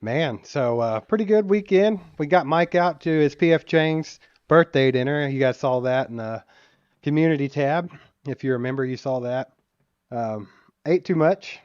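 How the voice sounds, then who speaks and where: A man's voice: a little high, normal speed, a little mellow, clear, resonant tone, no echo, muffled recording. A man co-hosting a sports podcast, easygoing in casual chat and laughing often. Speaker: podcast co-host.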